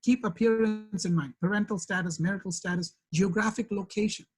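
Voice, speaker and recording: Husky New York man leading a training. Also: high-pitched, a little fast, rough recording. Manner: conversational, checks in with "okay?" often. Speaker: diversity trainer. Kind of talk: corporate training talk.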